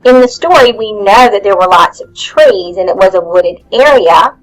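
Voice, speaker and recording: A woman's voice: medium pitch, animated, moderate pace, faint music behind, rough recording. A woman teacher leading young children through questions about a story, in a patient, questioning way. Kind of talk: guided lesson for young children.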